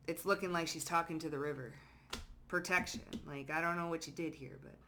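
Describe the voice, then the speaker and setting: A woman's voice: sits low, sharp tone, slight background noise. A young woman giving a casual tarot reading, talking in a slangy, profane and emphatic way. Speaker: tarot reader.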